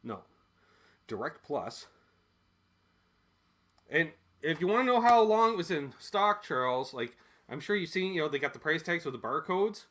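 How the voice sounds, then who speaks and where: A man from Canada talks through old music gear in a loose, jokey ramble, with the odd swear thrown in. His voice sits a little high and swings up and down a lot. The tone is bright and forceful, and he drifts away from the mic as he lifts and moves things. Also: very animated, moderate pace, long pauses. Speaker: gear vlogger. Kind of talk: casual unboxing chat.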